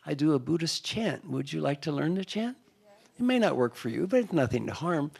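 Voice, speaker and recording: A man's voice: lively intonation, brisk, creaky, a little mellow, husky. An older man, an executive coach, telling jokes and stories on a panel. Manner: playful storyteller, mocks whining in a high squeaky voice. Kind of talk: humorous panel talk.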